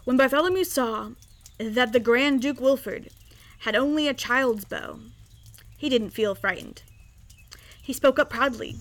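A woman reading a children's story aloud in an expressive, lively way. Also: sits high, a little slow, pauses often.

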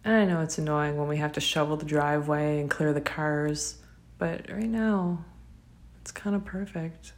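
A young woman, speaking gently and tenderly to a partner in a whispered role-play, with soft laughs. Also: sits low, normal speed. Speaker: affectionate partner.

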